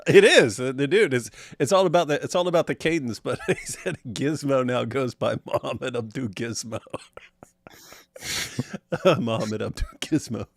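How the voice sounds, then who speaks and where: A man's voice: mid-range voice, moderate pace, dry recording, studio quality. A man hosting a reaction video, chatting casually and laughing often between his remarks.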